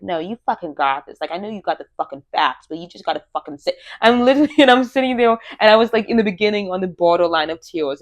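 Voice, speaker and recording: A young woman in her twenties with a low, unhurried voice talks candidly to her audience. She is chatty and open, drops swear words freely and laughs easily as she goes. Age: 20s. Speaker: vlogger. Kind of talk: casual chat to the camera.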